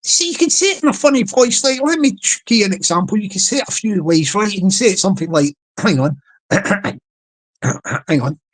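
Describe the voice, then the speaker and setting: A man's voice: sits high, animated, rough recording. A man on a casual live stream, playfully repeating a catchphrase and coaxing his chat to join in. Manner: repetitive, playful, drawn-out delivery.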